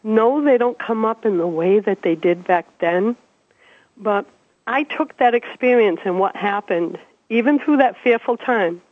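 A woman in her fifties from Massachusetts, a guest telling her life story in an animated, chatty way and laughing as she goes. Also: mid-range voice, a little slow, no room sound. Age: 50s. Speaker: interview guest. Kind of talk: casual storytelling. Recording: dry, tinny phone-like radio sound.

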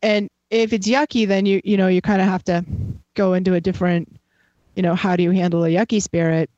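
A woman's voice: mid-range voice, flat delivery, a little fast, warm tone, dry recording. Chatty rambling woman, psychic teacher. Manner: chatty, rambling, many fillers and restarts. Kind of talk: casual conversation. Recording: dry, slightly dull sound.

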